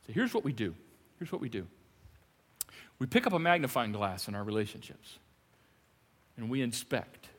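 A man preaching a sermon as pastor, animated and playful, swinging between loud emphasis and hushed lines. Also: medium pitch, moderate pace, pauses often, long reverb tail. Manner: playful, jokey asides.

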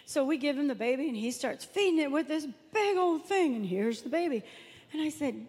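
A woman's voice: sits high, lively intonation, a little fast, a little mellow. Woman preaching in a reverberant church. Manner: conversational storytelling, acts out quotes. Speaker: pastor. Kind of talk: sermon. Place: church sanctuary. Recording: long hall reverb.

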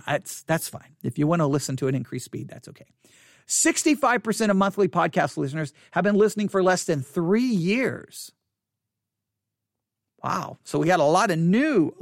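Animated podcaster with a lively voice. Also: medium pitch, creaky, no echo, studio quality. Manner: animated, incredulous asides, frequent restarts. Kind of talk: solo podcast commentary on listener statistics. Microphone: studio microphone up close.

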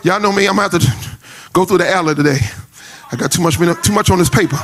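A man preaching a sermon in a shouting, sing-song cadence, repeating phrases and calling out to the congregation in a folksy way. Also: sits high, fast. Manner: folksy, repetitive call-outs to the congregation.

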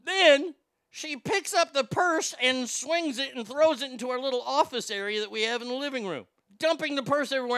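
A man casually telling a story on a chat show, animated and profane, jumping from loud bursts to hushed asides. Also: very high-pitched, fairly quick, dry recording.

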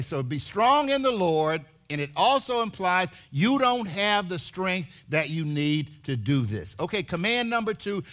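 Pastor guy preaching in church, high lively voice that jumps all over, slow and deliberate. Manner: animated preaching that swells into shouts, with repeated words. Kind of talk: sermon.

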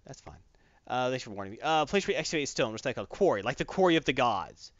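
Animated man rambling on a podcast. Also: medium pitch, fast talker, no echo, lo-fi sound. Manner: animated, rambling, acts out quotes. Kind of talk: casual chat.

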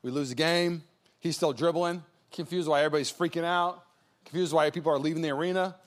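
A male pastor giving an energetic sermon, joking in asides and building to fervent calls to prayer. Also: fairly high pitch, fast talker. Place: church service.

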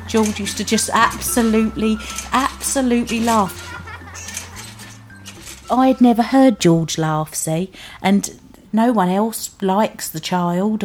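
A British mother telling her own story in a plain-spoken, earnest and emotional way. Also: a little high. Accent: British English. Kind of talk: first-person storytelling. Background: music underneath.

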